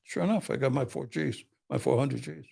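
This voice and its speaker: A man's voice: medium pitch, brisk, creaky, a little mellow, breathy edge. An older man, a criminal defense attorney, telling blunt, profane tough-guy stories in casual chat with acted quotes. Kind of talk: casual storytelling.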